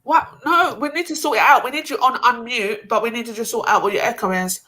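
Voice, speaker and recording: A woman hosting a casual livestream panel over a video call, talking fast and loose with lots of fillers and slang. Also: a little high, pushed and bright, poor audio. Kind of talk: casual chat.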